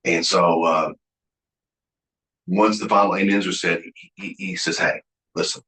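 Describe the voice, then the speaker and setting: A folksy man from Oklahoma with a deep voice, a touch of vocal fry, and a bit of brightness gives a sermon-like leadership lecture as a Bible college guest speaker. Very animated and a little slow, he tells stories earnestly, quoting dialogue and restarting often, in an echoey room.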